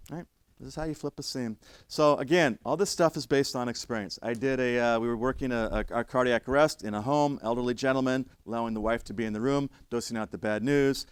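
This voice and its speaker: A man's voice: medium pitch, clear, resonant tone, dry recording. A man teaching firefighters, telling stories from calls in a conversational lecture style and often checking in with "right?". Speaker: firefighter instructor.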